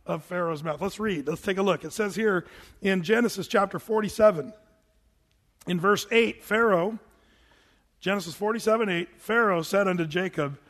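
High-voiced, animated storytelling pastor. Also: male voice, normal speed. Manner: animated, chatty, many restarts. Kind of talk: sermon with storytelling.

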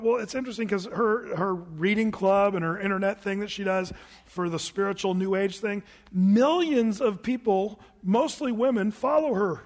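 A middle-aged man preaches in a high voice, talking to the congregation as if chatting and throwing in rhetorical questions. His voice rings out with a long reverb, as if in a large sanctuary. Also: moderate pace. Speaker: pastor. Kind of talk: sermon.

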